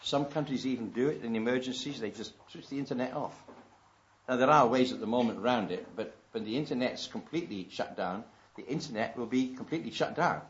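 A man's voice: mid-range voice, brisk, muffled recording. A man preaching a sermon to his congregation, talking in a conversational way that swells into emphatic stresses.

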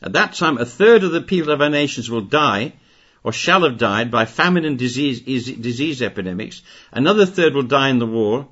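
An older man delivers a sermon at a middle pitch, his voice husky and a little rough. He hammers home each point, repeating phrases and pushing his volume up as he goes. The recording is dull and lo-fi. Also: animated, brisk, fairly bright tone. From Britain. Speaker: preacher.

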